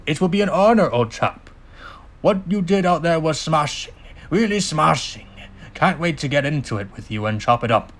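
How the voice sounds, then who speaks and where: A man's voice: on the high side, lively intonation, moderate pace, a bit bright, pitched above the performer's own voice. A man voicing a stodgy male dragon guardian with a put-on clipped British accent. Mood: hearty. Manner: clipped, stuffy, upper-crust.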